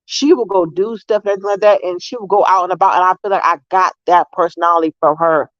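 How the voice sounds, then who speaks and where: A woman vlogger casually telling family stories to her viewers, animated and swearing freely. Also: lowish voice, fast talker, no room sound, dull audio.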